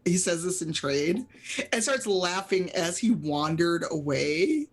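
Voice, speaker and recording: A woman's voice: lowish voice, lively intonation, unhurried, breathy edge. A woman narrating as game master of a tabletop game, chatty and full of fillers.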